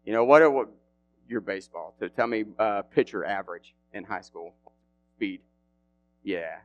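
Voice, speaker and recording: A man's voice: fairly low pitch, moderate pace, highs cut off. Slangy, conversational male preacher. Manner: animated, slangy and conversational, with frequent fillers. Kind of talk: casual sermon.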